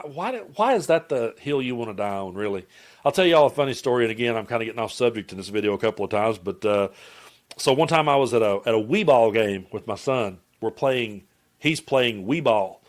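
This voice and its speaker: A middle-aged man from Tennessee with a Southern Appalachian accent, giving casual political commentary in a rambling, blunt and profane way. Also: mid-range voice.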